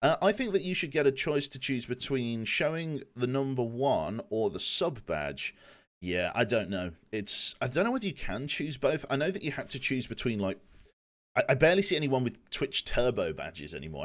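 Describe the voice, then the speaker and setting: A man's voice: mid-range voice, sing-song, normal speed. A man in his twenties chatting casually on a live game stream, jokey and self-deprecating, swearing casually. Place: home room. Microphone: desk microphone.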